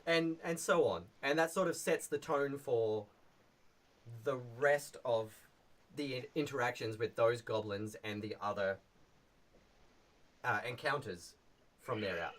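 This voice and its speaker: A man casually presenting his tabletop adventure on a live stream in a relaxed, rambling way. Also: mid-range voice, measured pace, pauses often.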